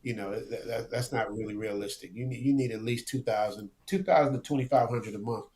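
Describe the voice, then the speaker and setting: A man talking as a guest in a casual interview, animated and slangy, often repeating words as he goes. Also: mid-range voice, brisk. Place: lives abroad, remote interview.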